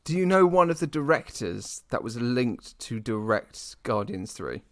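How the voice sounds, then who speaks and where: Uk guy cohosting a podcast, animated and sweary, dry close sound. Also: mid-range voice, measured pace, dry recording. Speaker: podcast co-host. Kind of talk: casual chat.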